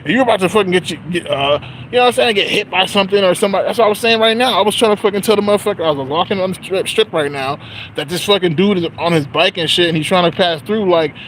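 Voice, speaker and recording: A man's voice: sits high, fast talker, fairly bright tone, slight background noise, rough recording. A man telling a story in a rambling, profane, casual rant full of filler phrases, speaking outdoors on a street. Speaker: vlogger.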